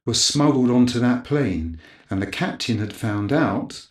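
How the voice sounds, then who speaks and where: A middle-aged man, a camera operator guest, telling a lively anecdote in a casual interview and acting out other people's lines. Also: mid-range voice, unhurried. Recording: roomy echo.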